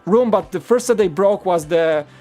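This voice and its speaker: A man's voice: high voice, animated, moderate pace, warm tone, soft background music. A man in his thirties hosting a live stream, chatting casually and laughing often.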